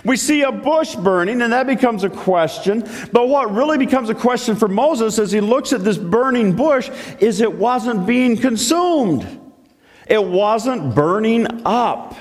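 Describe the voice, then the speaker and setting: A man preaching a sermon, telling a story in a lively way with many restarts. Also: extremely high pitch, unhurried, big-room sound. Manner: animated storytelling with repeated restarts.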